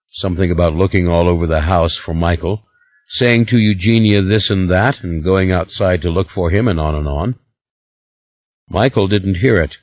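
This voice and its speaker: Lively, low-voiced male narrator. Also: dry recording, lo-fi sound. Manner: measured, expressive reading. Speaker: audiobook narrator. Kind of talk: scripted narration.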